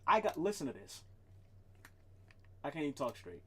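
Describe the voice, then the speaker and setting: A male streamer rants casually on a livestream. He swears freely and talks to his cat now and then. His pitch swings widely as he talks. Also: big pitch swings, normal speed, sharp tone, breathy edge.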